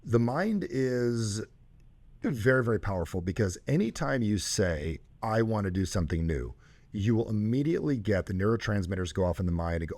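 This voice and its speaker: A man's voice: lowish voice, big pitch swings, normal speed. Emphatic man coaching a caller. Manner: emphatic, rising to loud bursts. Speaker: host and coach.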